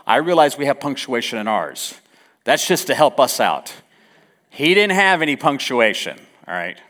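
A male pastor preaching a sermon, reading scripture aloud with lively, joking asides to his congregation. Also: medium pitch, moderate pace.

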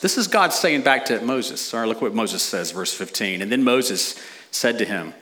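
A middle-aged man preaching a sermon as a pastor, animated with dramatic pauses. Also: mid-range voice.

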